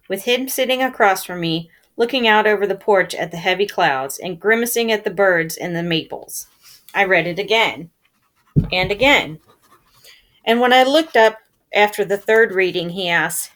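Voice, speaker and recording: A woman reading a novel aloud, telling it in a calm first-person storytelling manner. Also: medium pitch, moderate pace. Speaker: reader.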